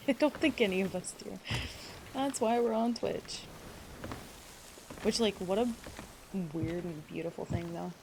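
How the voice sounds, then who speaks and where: Teary, gravelly woman streamer. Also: medium pitch, unhurried, pauses often, background noise. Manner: rambling, emotional, swears freely, greets chat by name. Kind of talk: casual live-stream chat.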